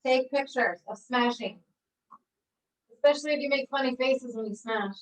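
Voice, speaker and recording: Bubbly and encouraging, a woman who teaches cooking in recreation therapy leads a live online class, laughing often as she walks students through each step. Her voice is high-pitched at normal speed, captured on a distant mic in a rough recording.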